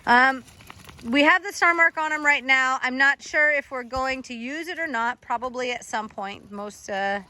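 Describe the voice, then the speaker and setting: A woman's voice: high-pitched, moderate pace, pushed and bright, a little hiss or hum. A woman dog trainer coaching a trainee in an encouraging, instructive way.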